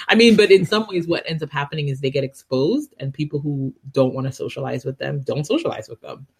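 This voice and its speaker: A woman co-hosts a casual podcast chat, weighing her points with lots of hedges and quick laughs. Her voice is husky and rough-edged, and her pitch rises and falls widely as she talks. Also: expressive, darkish tone. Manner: thoughtful, hedging, laughs easily. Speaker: podcast co-host.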